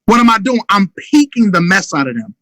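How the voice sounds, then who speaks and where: A man's voice: high-pitched, big pitch swings, fairly quick, fairly bright tone, dry recording, low-quality recording. A man giving a motivational business talk in an urgent, emphatic way, sometimes acting out sales calls. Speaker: motivational speaker.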